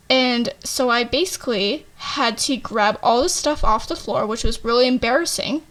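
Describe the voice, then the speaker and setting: A woman's voice: fairly high pitch, moderate pace, hardly any pauses, fairly bright tone. A young woman casually telling a storytime tale, full of fillers and "like," and swearing freely. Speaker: vlogger.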